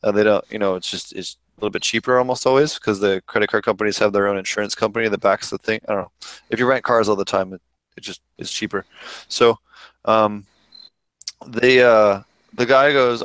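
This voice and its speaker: A man's voice: fairly low pitch, steady tone, brisk, a bit bright, clear, resonant tone, no echo. A man hosting a podcast in casual chat, ranting freely and swearing often. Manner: profane, ranting, loose and talkative. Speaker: podcast host.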